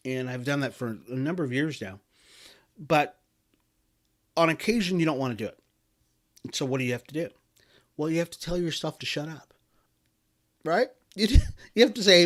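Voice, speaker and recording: A man's voice: on the high side, expressive, normal speed, pauses often, fairly bright tone. Emphatic man giving a pep talk. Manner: emphatic, pep-talk delivery with many restarts. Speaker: podcast host. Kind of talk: motivational talk.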